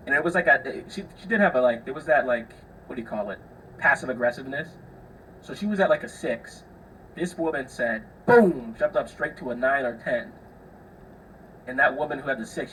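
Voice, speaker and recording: A man's voice: mid-range voice, normal speed, bright, forceful tone, distant mic, a little hiss or hum, rough recording. Chatty young man, slightly off-mic. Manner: chatty, swears freely, acts out the people in his stories. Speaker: podcast host. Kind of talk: casual solo storytelling.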